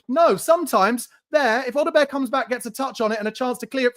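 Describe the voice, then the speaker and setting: A man's voice: very high-pitched, animated, fast, hardly any pauses. A man hosting a live fan watchalong, giving play-by-play and angry, swearing rants about his team. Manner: angry, swearing, shouts in bursts. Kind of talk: live match reaction and commentary.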